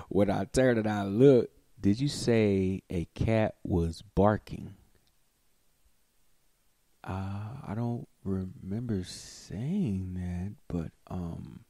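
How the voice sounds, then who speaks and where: A man hosting a live podcast, telling a profane comic story and swinging from mutters to shouts. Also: deep voice, dry recording.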